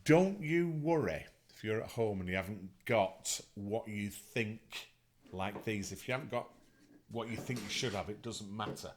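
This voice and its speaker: A man's voice: lowish voice, expressive, normal speed, slight background noise. A man teaching an online music lesson to children, upbeat and encouraging as he counts them in. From England.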